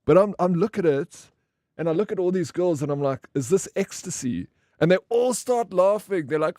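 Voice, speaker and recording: A man's voice: sits high, moderate pace, no room sound, studio quality. Slangy man streaming. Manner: animated storyteller acting out quoted people; slangy, swears freely. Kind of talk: casual live-stream chat.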